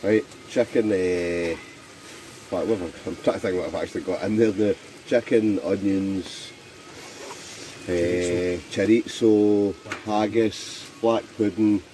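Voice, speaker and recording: A man with a Scottish accent chatting casually with friends while cooking at a wild camp, animated and joking. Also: low-pitched, slow, a little hiss or hum. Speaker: vlogger, wild camper. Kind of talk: casual camping vlog chat. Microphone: handheld camera.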